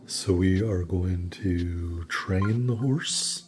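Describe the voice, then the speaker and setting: A man's voice: sits low, drawn-out words, loud music behind the voice. A tired, yawning man hosting a gameplay video, chatting casually with apologetic asides to his viewers. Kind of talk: casual let's play commentary.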